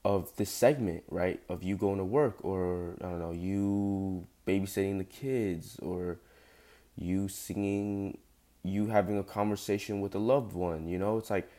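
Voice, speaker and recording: A man's voice: low voice, steady tone, a little slow, dark tone. A young man hosting a solo podcast who has just woken up and sounds groggy, rambling with many fillers and emphatic repetition. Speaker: podcast host. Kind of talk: casual solo podcast monologue.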